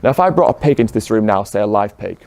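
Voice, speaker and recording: A man's voice: fairly low pitch, expressive, fast, darkish tone. A man giving a persuasive speech to an audience in a room, pressing them with rhetorical questions. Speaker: speaker.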